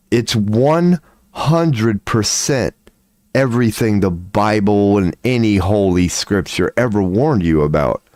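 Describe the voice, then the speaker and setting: Excitable, profane man ranting on stream. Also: takes it slowly, no echo, studio quality. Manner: excitable, profane, rambling with big swings in pitch. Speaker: streamer offering tarot readings. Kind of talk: casual livestream rant.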